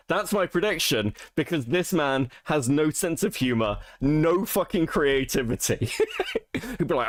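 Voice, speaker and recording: Sweary, mocking man with a lively voice. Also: a little high, fairly quick, no room sound. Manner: sweary, mocking, laughs often. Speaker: stream co-host. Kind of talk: reaction stream commentary.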